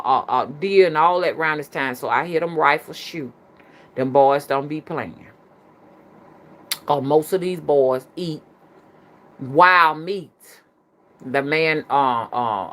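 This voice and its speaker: Low-voiced Southern woman telling stories. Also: fairly bright tone. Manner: colloquial, chatty, addresses the audience as "y'all". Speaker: spiritual reader and rootworker. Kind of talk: casual storytelling to viewers.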